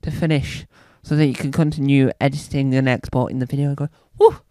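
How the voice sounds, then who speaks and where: A British man doing stand-up, telling a rambling story and acting out scenes with sudden loud, high squeals. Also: flat delivery, fast talker, no echo. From Britain. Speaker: stand-up comedian.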